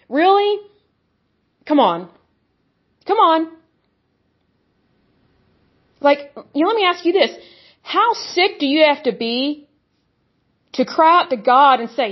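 Woman preacher, high voice, blunt n scornful, kinda muffled recording. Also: animated, unhurried, pauses often. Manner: blunt, scornful, mocks opponents in put-on voices. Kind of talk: impassioned religious monologue.

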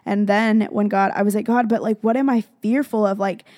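A woman's voice: mid-range voice, fairly even intonation, a little fast, darkish tone, no echo, studio quality. A young woman, a vlogger, telling a personal faith story in casual chat, full of fillers and emotional retelling. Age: young adult.

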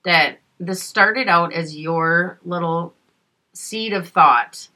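A woman's voice: fairly low pitch, slow pace, bright, forceful tone. A middle-aged woman co-hosting a podcast in casual chat, chatty, laughing often and swearing freely. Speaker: podcast co-host.

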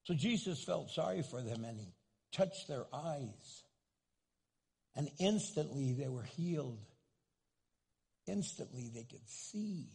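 A man's voice: mid-range voice, expressive, slow, gravelly, long pauses, darkish tone, breathy edge. A man preaching a sermon as pastor, telling stories with humor and building to a repeated, urgent appeal. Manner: storytelling, acts out quoted voices, joking then pleading. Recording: long hall reverb.

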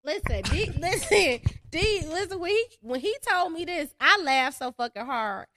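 Woman, podcast co-host, brash, lively swooping voice, dry sound. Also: extremely high pitch, moderate pace, no room sound. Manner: brash, animated and profane, laughs often. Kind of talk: casual chat.

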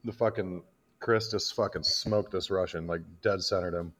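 Deep-voiced, profane veteran storyteller man. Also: fairly even intonation, moderate pace, a bit bright, a little hiss or hum. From Iowa, United States. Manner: profane, blunt war storytelling. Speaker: guest, combat veteran. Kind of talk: casual storytelling in a podcast interview.

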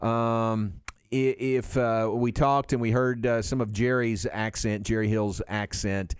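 A man's voice: on the low side, fairly even intonation, clean tone, no room sound, clean studio sound. A man hosting a sports radio show, chatting casually with co-hosts, laughing easily and. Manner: easygoing, laughs often, quick affirmations. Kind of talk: casual on-air chat.

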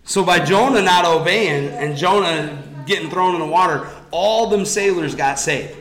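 A man with a fairly high voice teaches a Bible study, retelling the stories in a casual, lively way for a small group. The room is echoey. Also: moderate pace.

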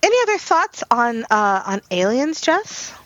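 A female podcast co-host in her late thirties tells stories in a giggly, animated way during casual chat, describing herself as anxious. She speaks a little slowly with a fairly high pitch. The recording is dry and dull.

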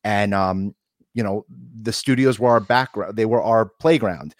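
Male co-host, animated anecdotes, lowish voice, dry recording. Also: a little slow, no echo. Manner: animated storyteller. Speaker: podcast host. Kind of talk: casual interview chat.

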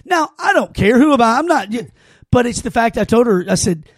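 A man's voice: very high voice, sing-song, brisk, dry recording, clean studio sound. A man hosting a podcast, telling stories in a casual, earnest way with many false starts and restarts. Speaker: podcast host. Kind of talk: casual heartfelt conversation.

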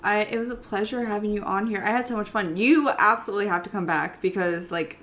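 A woman's voice: mid-range voice, fast, fairly bright tone. A young woman hosting a podcast, chatting casually, swearing freely and laughing easily. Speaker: podcast host. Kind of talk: casual chat.

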